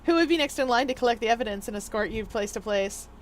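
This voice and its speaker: A woman's voice: a little high, lively intonation, quick pace. A young adult woman chatting casually to her viewers on a gaming livestream, in a rambly way with lots of fillers. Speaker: streamer.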